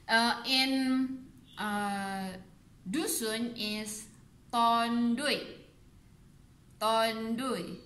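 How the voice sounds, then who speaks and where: A young woman teaching animal names in a casual lesson, mixing English and Malay, slowly repeating each word and laughing at herself now and then. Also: fairly high pitch, steady tone, pushed and bright, echoey room. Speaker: language teacher on a video channel.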